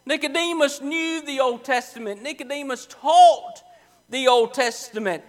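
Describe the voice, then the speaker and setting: Male preacher, very high voice, emphatic repetitive sermon delivery in a church. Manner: emphatic preaching, repeating phrases with slow stressed words. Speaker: pastor. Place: church sanctuary.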